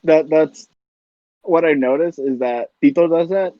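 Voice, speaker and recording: A man's voice: a little high, a little slow, no echo, dull audio. A young man in a casual podcast chat, explaining his point steadily with the odd curse word.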